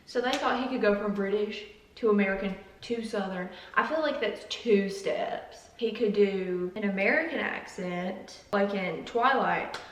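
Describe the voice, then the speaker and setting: A woman's voice: mid-range voice, reverberant, far from the mic, poor audio. A young woman hosting a casual vlog, chatty and joking as she tastes coffees and drifts into tangents. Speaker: YouTuber.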